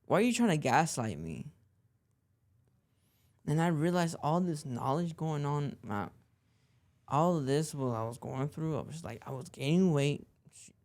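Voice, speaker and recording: A man's voice: mid-range voice, warm tone, no room sound. A young man hosting a podcast, telling a personal story in a rambling way and leaning on "like" and repeated phrases. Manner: rambling, repeats himself, lots of "like". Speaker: podcast host.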